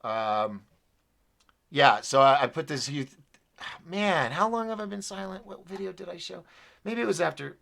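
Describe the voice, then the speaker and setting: Man, live show host, gravelly, bright edgy tone, frustrated rambling. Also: a little high, normal speed, pauses often. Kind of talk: solo live-stream talk.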